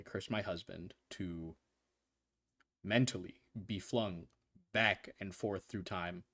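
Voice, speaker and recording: A man's voice: low-pitched, a bit bright, exaggerated voice. A man voicing a composed, worried queen who formally explains her husband's curse.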